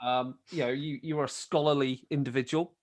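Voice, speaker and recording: A man's voice: mid-range voice, fairly even intonation, a little fast, dry recording, clean studio sound. A man narrating a tabletop game as game master, describing scenes in a rambling way with plenty of fillers.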